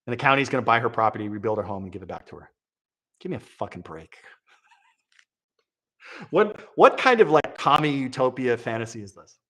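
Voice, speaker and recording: Man, political commentator, sarcastic, exasperated, mid-pitched voice. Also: a bit bright. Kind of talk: opinion commentary.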